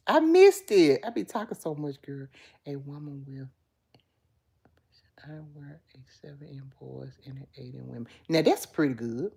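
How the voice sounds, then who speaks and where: Low-pitched woman chatting on a livestream. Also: vocal fry, slightly rough. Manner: chatty and animated, calls viewers girl and baby. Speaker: livestream host. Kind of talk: casual livestream chat reading viewer comments.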